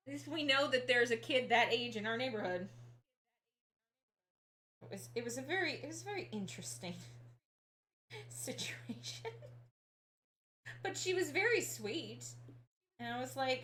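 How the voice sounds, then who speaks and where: A woman's voice: sits high, expressive, normal speed, long pauses, fairly bright tone. A woman streamer chatting casually while carving a pumpkin, rambling and talking through each step. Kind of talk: casual chat while working.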